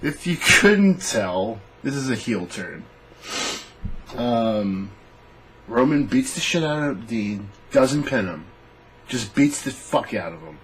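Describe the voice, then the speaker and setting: A young man ranting casually and profanely, rambling through a story with animated restarts. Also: mid-range voice, a little hiss or hum, poor audio. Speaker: podcast host. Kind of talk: casual rant on fantasy booking.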